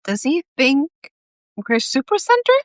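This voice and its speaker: A woman's voice: sits high, sing-song, measured pace, no echo, clean studio sound, pitched above the performer's own voice. A woman voicing a joking male saint with a raised, incredulous voice, read aloud from her story. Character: wisecracking male saint, quippy gatekeeper.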